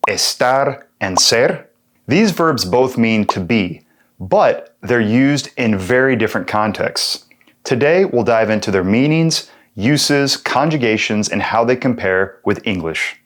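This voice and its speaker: A man's voice: medium pitch, animated. A man from Texas with a Texan accent, teaching a beginner language lesson and walking through examples one at a time. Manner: slow and clear, repeating examples with translations. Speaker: Spanish teacher.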